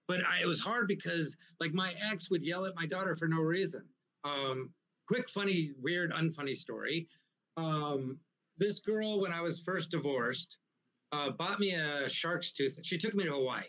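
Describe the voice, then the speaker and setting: Brief: male comedian guest, high-ish bright voice, rambling and profane, on a muffled lo-fi recording. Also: unhurried. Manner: rambling, profane, animated anecdotes. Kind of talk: casual storytelling in a live interview.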